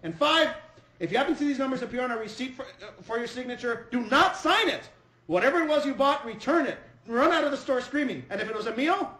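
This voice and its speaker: An actor playing an excitable male conspiracy radio DJ hosting a comic podcast, ranting mock-seriously. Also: very high-pitched, fast talker, reverberant, exaggerated voice, low-quality recording. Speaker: radio DJ host.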